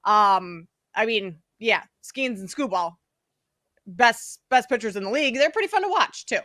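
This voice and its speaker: A woman's voice: on the high side, expressive, moderate pace, a bit bright, no echo. A woman co-hosting a sports betting show, chatting in an easygoing, self-deprecating way. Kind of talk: casual sports betting chat.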